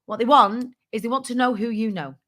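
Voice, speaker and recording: A woman's voice: fairly high pitch, a little fast, a bit bright. A woman hosting a business tips show, giving a casual motivational talk to her viewers in a candid, playful way with some swearing.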